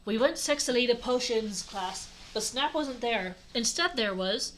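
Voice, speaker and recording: Young woman doing a deadpan comic reading. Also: a little high, measured pace, background noise. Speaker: host reading a fanfic aloud.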